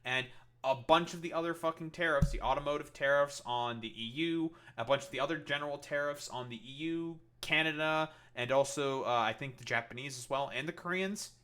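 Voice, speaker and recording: Male streamer, bright forceful voice, swearing, exasperated ranting. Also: on the high side, a little fast. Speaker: political commentator streamer. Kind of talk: reaction commentary.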